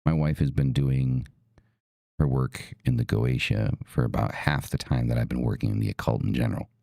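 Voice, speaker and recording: Casual podcast host, man, low and gravelly, emphatic and profane. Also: moderate pace, mellow, no room sound. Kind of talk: casual talk.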